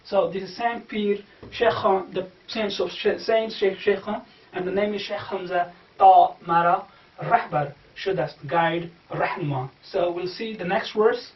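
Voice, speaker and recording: A man teaching how to pronounce verse, spelling words out slowly sound by sound and repeating them. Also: sits high. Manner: slow, repetitive sound-by-sound spelling out. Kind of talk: explaining Persian verse pronunciation. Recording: distant, echoey, dull room recording.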